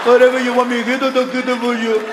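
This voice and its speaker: A man's voice: very high-pitched, flat delivery, fast talker, long reverb tail, a loud crowd, very noisy. A man voicing a sweet, flirty woman working a late-night taco truck who coos and dotes on a customer. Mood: doting. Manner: doting, cooing, fussing over a customer.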